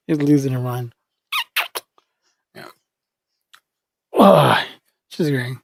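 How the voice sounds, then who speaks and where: A woman's voice: rumbling low, very slow, creaky, pauses often, no room sound, studio quality. A woman livestreaming in casual chat, rambling and opinionated, with lots of fillers.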